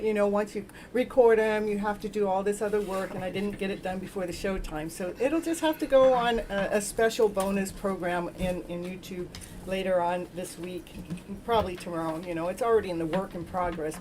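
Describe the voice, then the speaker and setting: A woman's voice: medium pitch, fairly quick, darkish tone, a little hiss or hum, low-quality recording. A woman hosting a live tarot stream, chatting casually in a giggly, playful, rambling way. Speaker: live tarot reader and show host.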